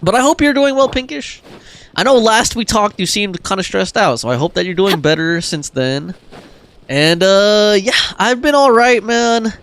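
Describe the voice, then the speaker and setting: A man's voice: high voice, moderate pace, a bit bright, slight background noise. A young man chatting casually on a game live stream, reading out chat messages and joking with viewers. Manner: chatty, reads chat aloud and jokes around.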